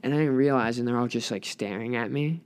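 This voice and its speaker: A young man telling a story in casual chat, animated, often laughing and swearing. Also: medium pitch, fast talker, clear, resonant tone. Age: young adult. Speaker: guest.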